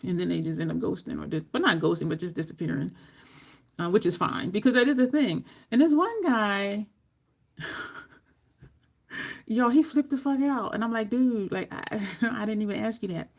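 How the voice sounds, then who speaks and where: A woman makeup vlogger chatting casually through a tutorial, animated, swearing and laughing as she acts out the people in her story. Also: mid-range voice, normal speed, vocal fry.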